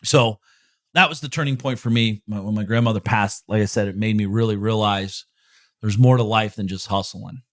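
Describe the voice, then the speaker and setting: A middle-aged podcast host answers listener questions in a casual, motivational monologue, his lowish voice fairly even and a bit bright at normal speed. He is blunt, swears freely, and speaks openly and emotionally about personal matters. The studio-quality audio has no echo.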